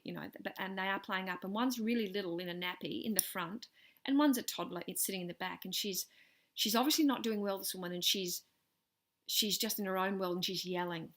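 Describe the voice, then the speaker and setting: A middle-aged woman telling a personal story in a vlog, earnest and animated, her voice swelling with intensity and then sinking almost to a whisper. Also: medium pitch. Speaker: vlogger sharing personal stories.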